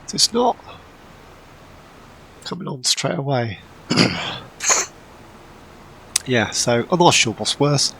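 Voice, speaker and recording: Slow, gravelly man chatting over gameplay. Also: mid-range voice, very animated, bright, forceful tone, slight background noise, poor audio. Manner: rambling and self-deprecating. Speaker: gameplay channel host. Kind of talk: casual gameplay commentary.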